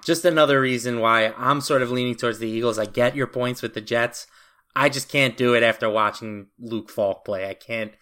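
A man co-hosting a sports betting podcast, giving his picks in a confident, brisk manner with casual fillers. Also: medium pitch, pushed and bright, clean tone. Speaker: podcast co-host.

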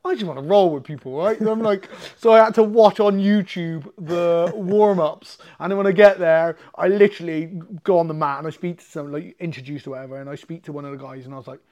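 A man from the UK, a guest telling animated, swear-filled stories in a casual chat. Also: on the high side, fairly quick, few pauses. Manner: animated, swearing, acts out quotes. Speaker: podcast guest, MMA fighter.

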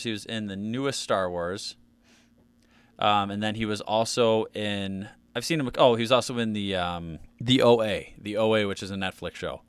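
A man's voice: on the low side, fairly bright tone, clear, resonant tone, no echo. A man co-hosting a casual podcast, rambling through topics with lots of fillers and restarts. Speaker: podcast co-host.

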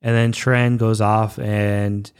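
A man's voice: on the low side, takes it slowly, smooth. A man hosting his own solo podcast, talking eagerly and playfully, loosely acting out characters' lines as he retells a story. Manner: animated, playful, acts out quotes loosely. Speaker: podcast host. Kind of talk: enthusiastic solo podcast talk.

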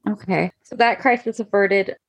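A woman's voice: mid-range voice, fairly even intonation, moderate pace. A woman playing in a tabletop game, chatting in a playful way and laughing often. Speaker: player. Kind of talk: casual tabletop game chat.

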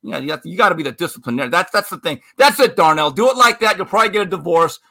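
A man hosting a sports talk show, telling stories in a lively way and often restarting his sentences. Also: high voice, very fast, vocal fry. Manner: animated storyteller, restarts mid-sentence. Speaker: show host.

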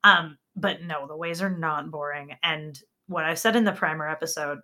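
A woman hosting a podcast in casual chat, animated and laughing often, swearing freely. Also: deep voice, moderate pace, a crowd in the background. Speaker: podcast host.

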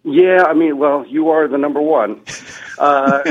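A young man, a comedian, telling stories in a deadpan, self-deprecating way in a casual podcast chat. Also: fairly high pitch, unhurried, gravelly. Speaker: comedian guest. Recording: dull lo-fi sound.

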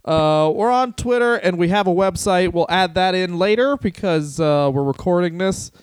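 Man, comedy podcast co-host, rambling, profane, slightly high voice, dry close mic. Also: moderate pace, smooth, dry recording. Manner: rambling, profane, restarts a lot. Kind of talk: casual comedic banter.

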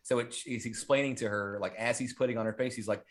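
A man's voice: mid-range voice, fairly even intonation, fast. An ordinary-sounding man talks through a horror movie on his podcast. He rambles and swears freely, leaning on plenty of "like"s and "um"s as he goes. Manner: rambling and profane, with many fillers. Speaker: podcast host. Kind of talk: casual horror movie chat.

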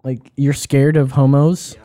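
A man's voice: medium pitch, little pitch movement, unhurried, warm tone. A man co-hosting a casual podcast, reading news stories aloud with stumbles and joking asides. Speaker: podcast co-host.

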